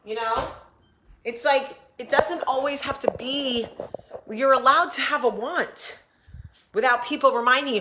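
A woman's voice: high voice, a little slow, roomy sound, background noise. A woman, hosting a casual chat to camera in a rambling, blunt, swearing way in her kitchen. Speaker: vlogger, show host.

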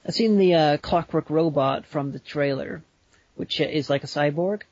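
A man's voice: on the high side, normal speed, a little mellow, no echo, muffled recording. A man co-hosting a podcast in casual chat, rambling and breaking into silly voices. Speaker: podcast co-host.

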